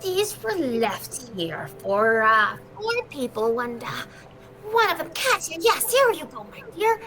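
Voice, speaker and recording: A woman's voice: sits high, big pitch swings, measured pace. A woman voicing an elderly male goblin ticket seller who is fussy and kindly, repeating his words in a sing-song way. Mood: welcoming.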